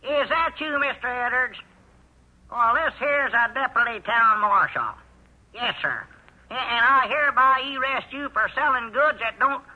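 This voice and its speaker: An actor playing an excitable, slow-witted country storekeeper and deputy, drawling and easily riled, in a 1930s radio comedy on a muffled recording. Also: male voice, very high-pitched. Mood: grumbling flustered.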